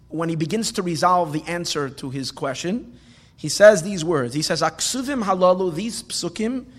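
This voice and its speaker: High-voiced man teaching a Torah class. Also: a bit bright, big-room sound. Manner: questioning, explains Hebrew phrases with translations.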